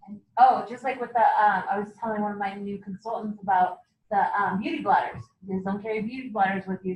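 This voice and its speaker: A woman leading a casual group discussion, encouraging others and prompting them with questions. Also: on the high side. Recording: echoey room, distant mic.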